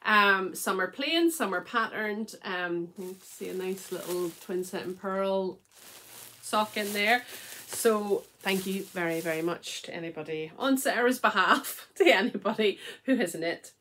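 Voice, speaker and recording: A woman's voice: mid-range voice, measured pace, bright, forceful tone, a little hiss or hum. A middle-aged woman hosting a knitting podcast at home, chatting casually with frequent ums and little laughs.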